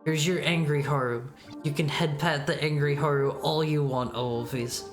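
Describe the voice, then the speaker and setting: A woman's voice: deep voice, steady tone, moderate pace, over music. A woman chatting casually while streaming a retro game, stammering and repeating words, reading text aloud. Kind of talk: casual gaming stream chat.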